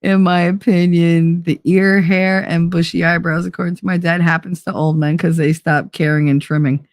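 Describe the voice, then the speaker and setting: A woman's voice: lowish voice, level tone, normal speed, dry recording, studio quality. A woman hosting a casual chat show, telling stories bluntly with frequent swearing and laughter. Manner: blunt, profane, laughs often. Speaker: host.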